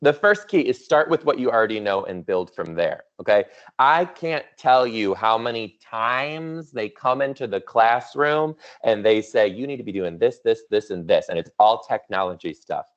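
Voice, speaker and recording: A man in his thirties delivers a virtual conference keynote to teachers over a video call, keeping it playful and chatty with plenty of teasing asides. His voice sits on the low side and is animated, at a moderate pace, with the highs cut off.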